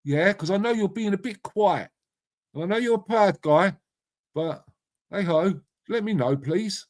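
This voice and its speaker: Chatty man, matey and higher-pitched. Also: expressive, a little slow. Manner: chatty, matey, swears freely, addresses viewers by name. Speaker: live stream host reading chat. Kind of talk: casual chat.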